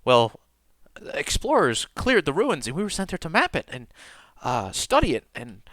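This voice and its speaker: A man's voice: fairly high pitch, huge pitch swings, no echo, pitched above the performer's own voice. A man voicing a tearful, stammering priestess. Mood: tearful, halting. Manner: halting, stammering, soft-spoken. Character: grieving woman priestess, tearful and shaken.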